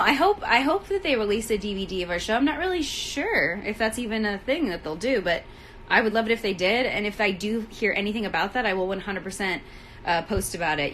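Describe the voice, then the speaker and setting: Out of breath by the trailers on an outdoor film set, this bubbly woman rambles through a casual livestream into a phone held at arm's length, laughing a lot. Her mid-range voice is a bit bright. The low-quality recording has slight background noise.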